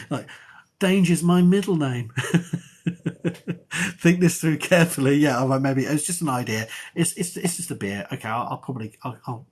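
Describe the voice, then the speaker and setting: Husky, excitable man. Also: medium pitch, normal speed, long pauses. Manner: rambling, self-mocking, excitable. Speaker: archaeology professor streaming live. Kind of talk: casual live-stream chat.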